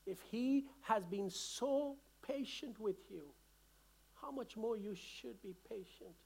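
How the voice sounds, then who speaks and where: A man's voice: high-pitched, takes it slowly, creaky, darkish tone, slightly rough. A man from India preaching a sermon to a church congregation, earnest and impassioned, stumbling over restarts and calling out to the congregation. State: emotional. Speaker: pastor.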